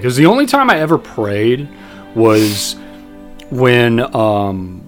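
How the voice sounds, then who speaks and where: A young man co-hosting a podcast, telling a long story in a rambling, profane, animated way. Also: medium pitch, takes it slowly, faint music behind. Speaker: podcast co-host.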